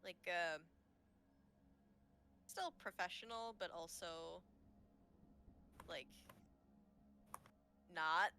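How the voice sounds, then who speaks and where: A woman's voice: on the low side, extremely slow, pauses often, pushed and bright, a little hiss or hum. A woman playing in a tabletop game, chatting casually and hesitantly, full of filler words. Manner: rambling, hesitant, heavy use of filler words. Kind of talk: casual chat.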